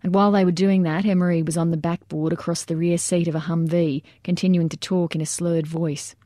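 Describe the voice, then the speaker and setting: A woman narrates an audiobook in a measured, steady way. Her voice is fairly low and mellow. The recording is dry and close. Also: dry recording.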